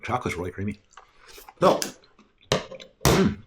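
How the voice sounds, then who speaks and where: A man's voice: fairly low pitch, sing-song, a little slow, very noisy. A middle-aged man casually taste-testing snacks on his vlog, chatty and rambling, often laughing at himself. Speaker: food reviewer. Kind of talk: casual food-tasting vlog.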